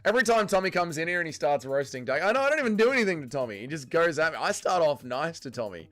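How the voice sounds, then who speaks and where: Lively young male streamer, swearing. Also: fairly high pitch, quick pace, few pauses, faint music behind. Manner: reads viewer chat aloud and banters, swears freely. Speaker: livestream host. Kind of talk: casual watch-along chat.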